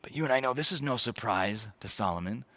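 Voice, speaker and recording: A man's voice: mid-range voice, expressive, quick pace, a bit bright. A male pastor giving a verse-by-verse sermon in a conversational, storytelling manner with asides.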